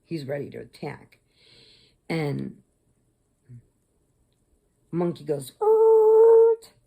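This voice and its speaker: A woman's voice: low-pitched, lively intonation, measured pace, vocal fry, phone-quality sound. A middle-aged woman hosting a crochet channel, rambling through stories in a chatty, casual way. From Illinois, USA. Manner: rambling, chatty, laughs often. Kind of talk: casual storytelling vlog.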